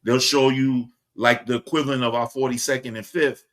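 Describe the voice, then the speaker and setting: Relaxed guest speaker, slangy and conversational, middle pitch. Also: male voice, brisk. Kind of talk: casual discussion.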